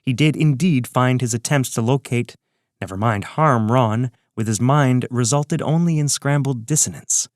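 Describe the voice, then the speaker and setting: A man with a medium voice reads a serial story in steady scripted narration. The sound is dry and close to the mic, with no room around it. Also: medium pitch, moderate pace, no room sound.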